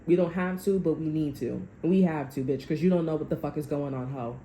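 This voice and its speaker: A woman's voice: low-pitched, a little fast, mellow, echoey room, a little hiss or hum, low-quality recording. A woman giving a tarot reading, talking to her viewers in a blunt, profane, sassy way. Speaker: tarot reader. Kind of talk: casual spiritual reading monologue.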